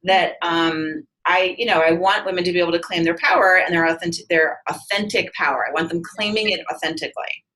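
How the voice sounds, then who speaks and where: A woman guest in an interview with a bright, forceful tone and a lowish voice. She talks candidly and emphatically, doubling back and restarting as she goes. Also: steady tone, fairly quick, slight background noise, poor audio. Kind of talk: casual interview conversation.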